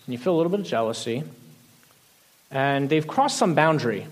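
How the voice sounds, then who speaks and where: A man preaching a sermon, retelling a Bible story in a lively, conversational way, often restarting phrases and letting sentences trail off softly. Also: medium pitch, fairly quick. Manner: animated storytelling, frequent restarts, soft trailing endings. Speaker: pastor.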